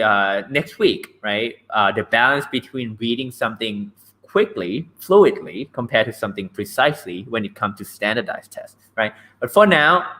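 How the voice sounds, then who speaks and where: A man's voice: mid-range voice, fairly bright tone. A man teaching an English reading lesson, chatty, ending points with "right?". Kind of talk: online lecture.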